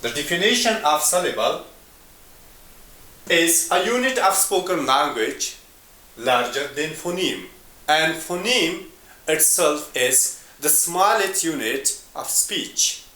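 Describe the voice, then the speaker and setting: A man teaching an English lesson in a slow, deliberate way, repeating example words. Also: fairly high pitch, lively intonation, pushed and bright, roomy sound.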